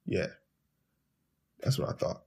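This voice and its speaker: A man hosting a podcast, telling a story in an animated, profane way, often stumbling and repeating words as he starts his sentences. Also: slow. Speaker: podcast host. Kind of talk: storytelling monologue.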